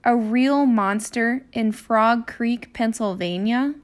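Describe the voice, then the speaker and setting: A woman's voice: on the high side, slow pace. A woman voicing a cautious young boy. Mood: doubtful. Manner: reluctant, exasperated. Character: sensible, cautious eight-year-old boy.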